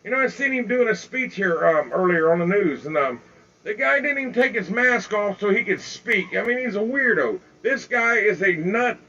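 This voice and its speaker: Older man, heated outdoor phone livestream; high, gravelly, forceful voice. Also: lively intonation, normal speed, lo-fi sound, a little hiss or hum. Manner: heated, repetitive, keeps calling out "folks". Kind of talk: angry live-video rant. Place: outdoors in bright sun.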